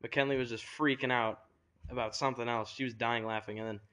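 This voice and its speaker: A man's voice: medium pitch, fairly even intonation, fairly quick, a bit bright. A teenage boy co-hosting a podcast, telling school stories in casual chat with lots of fillers and restarts. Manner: rambling storytelling with many fillers. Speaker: podcast co-host.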